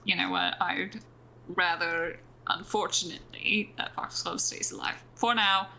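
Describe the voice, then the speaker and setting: A woman's voice: lowish voice, steady tone, measured pace, gravelly, pushed and bright, a little hiss or hum, low-quality recording. A woman player in a tabletop game, talking in a firm, matter-of-fact way. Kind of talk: casual game chat.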